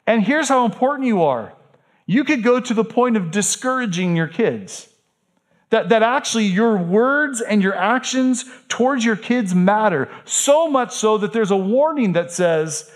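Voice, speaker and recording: A man's voice: high-pitched, expressive, a little slow. A middle-aged man preaching a sermon as pastor, earnest and candid, often asking rhetorical questions.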